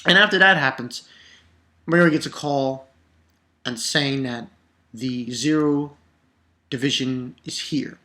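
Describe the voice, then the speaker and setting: A man reviewing a comic chapter in a casual vlog, talking in an excitable, rambling way and swearing often. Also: mid-range voice, slow, long pauses.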